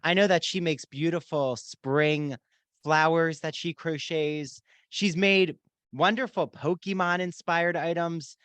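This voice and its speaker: A man's voice: a little high, steady tone, takes it slowly, fairly bright tone, clear, resonant tone, no echo. A man hosting a podcast, reading sponsor ads in an upbeat, enthusiastic way. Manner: upbeat, enthusiastic promotional delivery. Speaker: podcast host. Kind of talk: read podcast ad.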